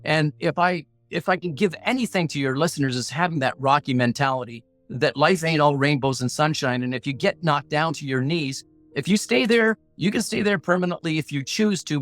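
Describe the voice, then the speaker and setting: A man's voice: fairly high pitch, brisk, fairly bright tone, no echo, soft background music. A middle-aged man telling a personal story as a guest, earnest and blunt, with a punchy motivational way of talking. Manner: earnest, punchy, acts out inner voices; blunt, plain-spoken. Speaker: podcast guest, negotiation coach.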